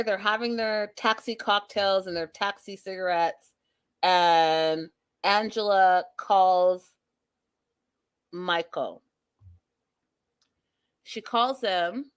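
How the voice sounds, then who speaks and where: A woman's voice: mid-range voice, slow pace, long pauses, clear, resonant tone. A woman hosting a casual recap show, blunt, sassy and profane. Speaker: host.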